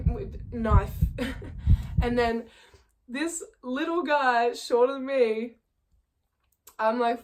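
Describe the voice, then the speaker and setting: A young woman telling a story in a casual, chatty way, with lots of fillers and frequent laughing. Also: a little high. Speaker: vlogger. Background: faint background music.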